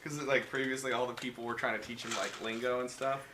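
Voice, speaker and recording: Guy rambling thru a movie recap, cussing a lot, bright edgy voice, roomy echo. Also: mid-range voice, little pitch movement, slight background noise. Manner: rambling, profane, acts out characters in quick voices. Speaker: podcast co-host. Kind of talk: casual chat recapping a movie.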